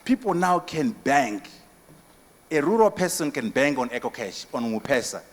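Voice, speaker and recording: A Zimbabwean man giving a conference keynote and answering questions, emphatic and forceful, with repetition and rhetorical questions. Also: mid-range voice, expressive, measured pace. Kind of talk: impassioned conference speech. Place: large conference hall. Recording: long hall reverb.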